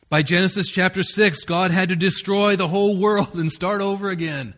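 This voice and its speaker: Pastor guy preaching, kinda higher voice, earnest and emphatic, trips over words sometimes. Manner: earnest, emphatic, with restarts and a dry chuckle. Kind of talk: sermon.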